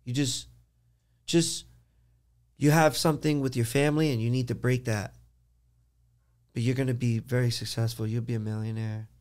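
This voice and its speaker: A man retelling a story, quoting a calm, soft-spoken stranger in a quiet, low, measured voice. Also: natural voice. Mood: calm, earnest.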